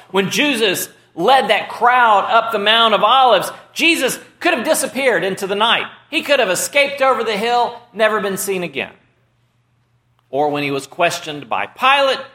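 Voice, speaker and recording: A man delivers a sermon in a high, bright voice. He speaks slowly and deliberately, pausing for weight. The sound rings around an echoey room. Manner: slow, measured preaching with dramatic pauses. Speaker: pastor.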